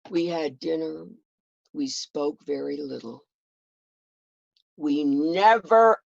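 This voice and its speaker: Here a woman's low voice, touched with vocal fry, carries a dramatic and emotional first-person telling of history as a portrayer. The recording is dry, dull, and lo-fi.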